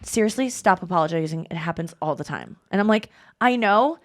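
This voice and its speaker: A woman in her thirties hosts a podcast, her voice fairly low, animated and brisk. She tells stories in a chatty, self-deprecating style, keeping things casual.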